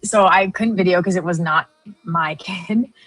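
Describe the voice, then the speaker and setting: A woman in her thirties co-hosting a live trading stream, chatting casually and telling a lively story with animated quoted voices. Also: fairly low pitch, unhurried, dry recording, soft background music. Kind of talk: casual chat.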